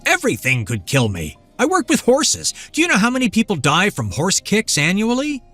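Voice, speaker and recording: A woman's voice: medium pitch, wildly swooping pitch, moderate pace, fairly bright tone, soft background music, pitched above the performer's own voice. A man voicing a stubborn young woman who is turning into a vampire, blunt and wry. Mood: determined.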